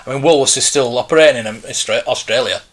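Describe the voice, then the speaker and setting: A man's voice: mid-range voice, fast talker. A man in his forties, hosting a casual live stream and chatting in a rambling, nostalgic way. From United Kingdom. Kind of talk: casual live-stream chat, reading viewer comments.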